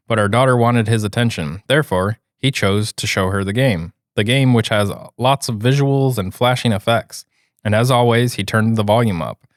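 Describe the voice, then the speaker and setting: A man with a fairly low voice reads a post aloud at an even pace, then talks it over in relaxed, casual chat. The recording is dry and close to the mic. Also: no room sound. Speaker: podcast co-host reading stories.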